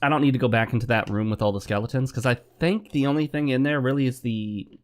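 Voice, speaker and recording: A man's voice: mid-range voice, fast. A man talking through a video game in a loose, chatty way, with an ordinary mid-range voice. He drifts between musing and frustrated rants at the game's controls. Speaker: gaming commentator. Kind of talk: let's play commentary.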